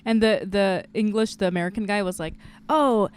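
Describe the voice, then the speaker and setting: A woman co-hosting a podcast, chatting casually in an excitable, playful way. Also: medium pitch, fast. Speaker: podcast co-host. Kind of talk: casual chat.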